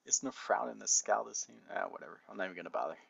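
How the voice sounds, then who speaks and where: A man's voice: on the low side, very fast, creaky, a bit bright, slightly rough, dry recording, highs cut off. A man reading fan fiction aloud and breaking off into sarcastic, laughing asides.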